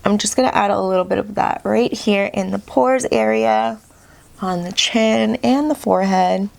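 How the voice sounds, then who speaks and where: Mom doing a chatty makeup vlog, kinda gravelly, says you guys a lot. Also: female voice, medium pitch, normal speed, a little mellow. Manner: bubbly, keeps saying "you guys". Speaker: beauty vlogger. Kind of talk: chatty get-ready-with-me makeup talk.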